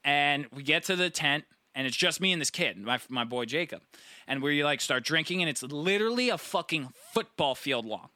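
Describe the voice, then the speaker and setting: A man's voice: a little high, moderate pace, no room sound. A young man telling a long, profane party story in casual chat, acting out his friends' lines. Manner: rambling, profane, animated storytelling; acts out friends' voices.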